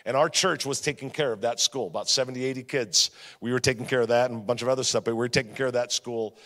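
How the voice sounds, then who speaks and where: A man preaching a sermon as a guest pastor, with repeated refrains and storytelling, jumping from loud punchy emphasis to quiet, low-spoken lines. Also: fast. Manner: energetic preaching, swings between loud emphasis and quiet drops. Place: church sanctuary. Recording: long reverb of a church hall.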